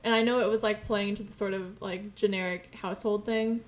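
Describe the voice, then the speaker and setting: A woman's voice: medium pitch, fairly even intonation, a little fast. A young woman co-hosting a casual chat, rambling and giggly, often breaking off mid-sentence. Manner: rambling, self-interrupting, giggly. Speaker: podcast co-host.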